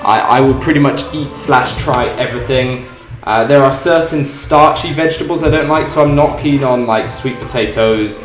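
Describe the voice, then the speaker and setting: A young British man hosts a livestream, cooking while he chats casually, reads his chat and rambles with lots of ums. His voice is medium-pitched at a moderate pace, and the room is echoey, with faint music in the background.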